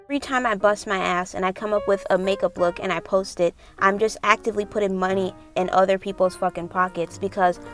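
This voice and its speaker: A woman makeup vlogger venting as she gets ready, ranting heatedly and swearing freely. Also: mid-range voice. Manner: mocks others in sing-song voices. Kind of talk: venting while doing makeup. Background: faint background music.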